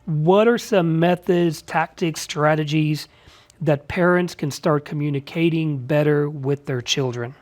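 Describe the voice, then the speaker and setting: Male host, lots of quick affirmations. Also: on the high side. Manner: frequent short affirmations, asks framing questions. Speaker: show host interviewer. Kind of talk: conversational interview.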